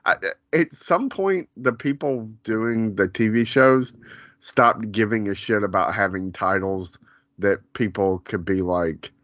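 A man's voice: on the low side, a little slow, a bit bright, no room sound, muffled recording. A man hosting a podcast, chatting casually, rambling with lots of fillers and frequent laughs. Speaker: podcast host. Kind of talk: casual chat.

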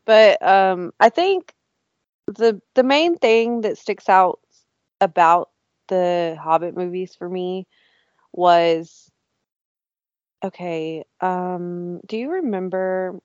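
A woman's voice: on the low side, takes it slowly, pauses often, darkish tone, clear, resonant tone, no room sound, lo-fi sound. A woman telling a story animatedly in casual chat and swearing often.

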